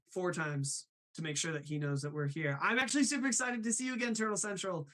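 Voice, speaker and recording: A man hosting a casual live stream, animated and reading chat messages aloud. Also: high-pitched, fast, hardly any pauses. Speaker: host of a live stream show.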